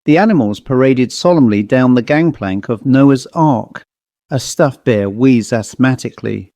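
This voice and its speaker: A man narrating a horror story in a measured, dramatic manner. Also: mid-range voice, animated, mellow, no room sound, studio quality.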